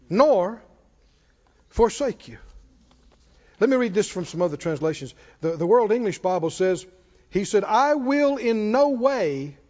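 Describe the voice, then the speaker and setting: A man's voice: high voice, darkish tone. A man preaching a sermon to a congregation, repeating phrases for emphasis and prompting them to answer back. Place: church hall with congregation. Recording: reverberant hall, dull lo-fi sound.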